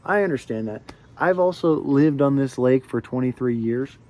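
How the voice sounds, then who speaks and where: Animated and dark-toned, a vlogger in his twenties rants to camera at normal speed in a medium-pitched voice. The monologue rambles, full of fillers and restarts.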